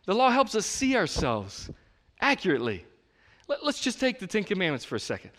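A man in his thirties preaching a sermon in a conversational, animated way, acting out the voices of the people he quotes. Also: high-pitched, a little fast. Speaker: pastor. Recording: long reverb of a large hall.

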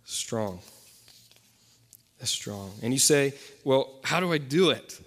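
A young man preaching a sermon as pastor, talking in a loose, conversational way with fillers and quick self-corrections. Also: mid-range voice, lively intonation, fairly bright tone. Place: church sanctuary. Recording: long reverb from a hall.

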